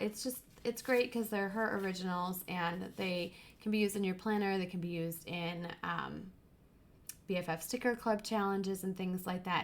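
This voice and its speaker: Gushing woman hosting a crafting livestream. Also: mid-range voice. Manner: gushing, drops to whispers over cute items. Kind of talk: casual live chat, unboxing happy mail.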